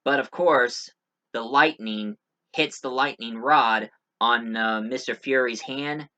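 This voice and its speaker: A man's voice: medium pitch, slow pace, bright, forceful tone. A man giving a casual spoken movie review, rambling with many fillers and restarts.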